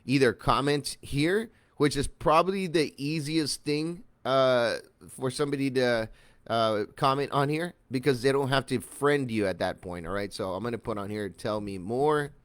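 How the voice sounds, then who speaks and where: A man in the middle range of pitch walks through an online marketing tutorial in a loose, chatty way. He fills his talk with "uh" and greets viewers by name as he goes. His voice sounds close and dry, with no room echo. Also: moderate pace, fairly bright tone. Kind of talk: casual screen-share tutorial.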